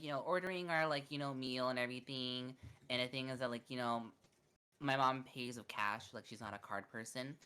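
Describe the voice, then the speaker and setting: A young woman co-hosting a podcast, telling a story in casual chat and acting out the voices of the people in it. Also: smooth. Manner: animated, acts out quoted voices with big pitch jumps. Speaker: podcast co-host.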